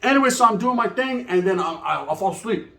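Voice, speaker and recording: A man's voice: high-pitched, expressive, quick pace, gravelly, bright, forceful tone, echoey room. A man telling a profane comic story in a rambling, casual way, switching into voices for the people in it.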